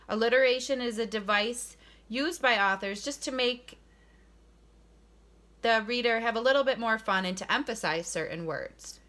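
A woman teacher giving a recorded lesson to young children, speaking slowly and deliberately, stressing key words and repeating them. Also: fairly high pitch, a bit bright.

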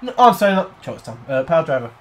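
A man's voice: fairly high pitch, sing-song, rapid-fire, slight background noise. A man commentating a wrestling game, cheering on and swearing at the players. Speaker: gaming commentator. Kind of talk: excited let's-play commentary.

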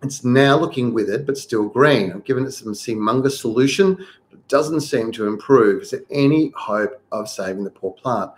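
A man's voice: medium pitch, normal speed. A middle-aged man, hosting a live gardening show. He reads viewers' questions aloud and then gives practical advice.

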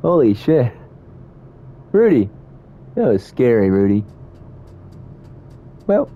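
The recording is lo-fi: a young gamer with a medium-pitched voice speaks slowly, his pitch swinging widely. In this let's-play of a horror game he talks to himself, swears, and gets panicky when scared.

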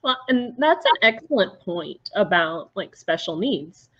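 A woman from the American South hosts a casual podcast chat, often murmuring agreement as her guest talks. Her voice sits at a middle pitch and comes through dull, lo-fi remote audio. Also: sing-song, measured pace, husky. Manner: warm agreeing listener, frequent affirmations. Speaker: podcast host.

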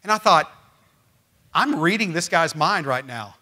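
A man preaching a sermon as pastor, emphatic and swinging from loud, rising lines to quiet ones. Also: fairly high pitch, animated, a little slow. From Missouri. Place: church.

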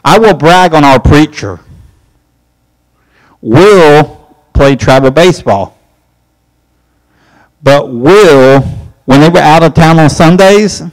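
A man leads a church Bible class in a folksy, conversational way. His voice sits a little higher than most men's. He climbs even higher and gets insistent when he drives a point home. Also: poor audio. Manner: folksy, emphatic, rising pitch when pressing a point. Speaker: Bible study teacher.

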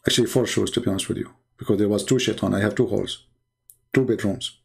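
A man's voice: fairly low pitch, fairly even intonation, fast, vocal fry, a little mellow, breathy edge. A man telling a joking, sarcastic story in a rambling way. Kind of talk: mocking storytelling.

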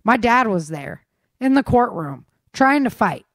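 A woman's voice: fairly high pitch, big pitch swings, measured pace, dry recording, clean studio sound, voice pushed up, exaggerated voice. A woman reading the part of a passionate, blunt young rebel woman in an audiobook.

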